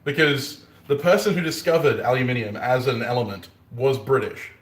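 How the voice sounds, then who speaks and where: A man's voice: medium pitch, normal speed. A man with an Australian accent, a bladesmith chatting casually on a live stream, joking and punning and laughing often. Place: workshop forge. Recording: roomy echoey workshop.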